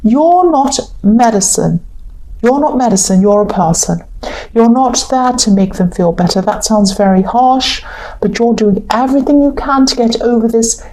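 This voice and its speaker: A woman giving a love tarot reading, earnest and repetitive, her voice tired and croaky. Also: a little high, moderate pace, a little mellow, low-quality recording. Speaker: tarot reader.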